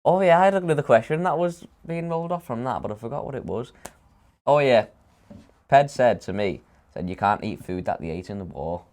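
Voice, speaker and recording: A man's voice: medium pitch, animated, fairly quick, darkish tone. A young man with a St Helens accent, co-hosting a casual podcast chat and telling stories with quoted voices. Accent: St Helens, Northern English. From St Helens, England. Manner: chatty storyteller, laughs often, acts out quotes. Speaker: podcast co-host.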